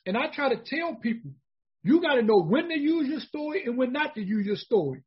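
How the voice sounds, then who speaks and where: Husky high-voiced man telling his story. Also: very animated, a little fast. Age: 40s. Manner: emphatic, repetitive, conversational. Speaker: formerly incarcerated speaker. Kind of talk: personal storytelling talk. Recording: dull lo-fi recording.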